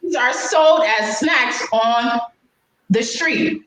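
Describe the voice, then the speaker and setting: A woman's voice: on the high side, slow pace, a bit bright, slight background noise. A woman co-hosting a casual talk show segment, with playful, sassy asides. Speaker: co-host. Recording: very echoey room.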